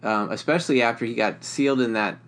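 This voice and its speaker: A man's voice: medium pitch, fast talker, fairly bright tone. A man co-hosting a casual movie chat, rambling and restarting his sentences. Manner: rambling, restarts a lot, laughs often. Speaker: podcast co-host.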